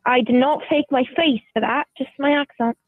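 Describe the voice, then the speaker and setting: A woman's voice: sits high, normal speed, dry recording, narrow, tinny audio. A woman guest chatting playfully on a podcast, laughing often. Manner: giggly, playful. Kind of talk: casual chat.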